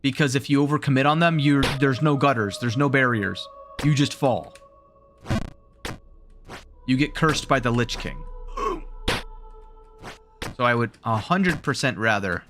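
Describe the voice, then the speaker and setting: A man with a Southern drawl rambles through live gameplay commentary, thinking aloud between attempts. His voice sounds worn from a long session. Soft game music plays faintly behind him. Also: medium pitch, a little slow, long pauses. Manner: rambling self-talk while playing, thinking aloud. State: voice wearing out. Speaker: streamer.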